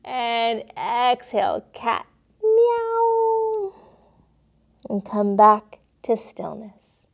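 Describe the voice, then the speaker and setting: A young woman gently guiding children through a yoga class, playful and encouraging, sometimes making animal sounds. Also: medium pitch, takes it slowly, creaky. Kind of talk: guided kids' yoga instruction.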